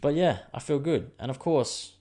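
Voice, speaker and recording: Swearing Australian podcast host, rambling. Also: male voice, a little high, lively intonation, normal speed, warm tone. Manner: rambling, profane, joking. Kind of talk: casual solo podcast chat.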